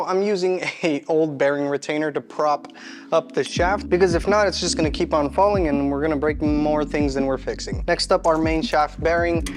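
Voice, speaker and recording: A casual home mechanic explains each step out loud as he works. His voice sits a little higher than most men's, and he keeps things loose and self-mocking. Faint music plays softly behind him. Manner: chatty, self-deprecating, talks to himself mid-task. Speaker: home mechanic channel host. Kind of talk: casual how-to narration while working.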